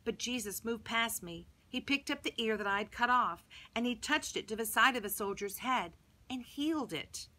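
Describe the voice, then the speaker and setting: A Sunday school teacher reading a children's bible story aloud in first person, dramatic with hushed and loud turns. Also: female voice, fairly high pitch, expressive, normal speed.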